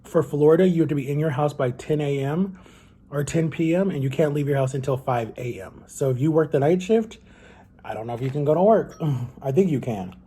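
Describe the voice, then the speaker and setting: A man's voice: fairly high pitch, fairly quick, warm tone, husky. A young man talking casually to camera at home, earnest and rambling, often restarting his sentences. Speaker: vlogger.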